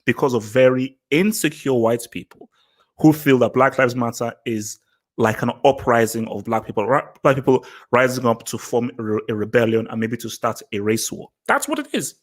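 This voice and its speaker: A man with a mid-range voice talks at a moderate pace and in an animated way on his own vlog. He offers casual opinion commentary emphatically, repeating phrases and restarting his sentences.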